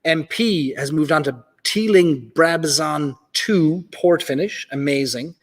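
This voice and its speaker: Speaking unhurriedly in a voice on the high side, an Irish-accented man runs a live whiskey stream. He's chatty, full of fillers, and reads viewer comments aloud from a reverberant large club function hall.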